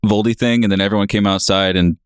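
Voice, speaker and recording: A man co-hosting a podcast in casual chat, riffing jokes in a deadpan way. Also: fairly low pitch, quick pace, clean tone, dry recording, studio quality. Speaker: podcast co-host.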